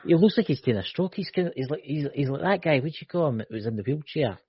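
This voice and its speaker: A man's voice: a little high, animated, very fast, breathy edge, no room sound. A Scottish man co-hosting a live-stream chat over a video call, teasing and joking, with lots of "you know". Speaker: co-host. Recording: dull lo-fi call audio.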